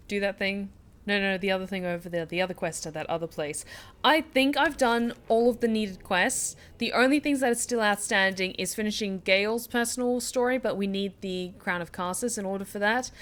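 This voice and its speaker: A woman's voice: medium pitch, normal speed, fairly bright tone. Woman game streamer, casual let's-play chat, talks to viewers, reassures herself. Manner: chatty, thanks chat, self-reassuring.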